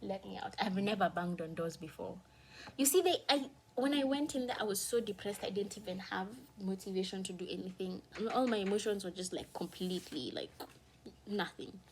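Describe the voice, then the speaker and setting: A woman telling a painful personal story in a candid vlog, fighting back tears, her voice shifting from hushed to heated. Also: mid-range voice, brisk, slight background noise. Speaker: vlogger.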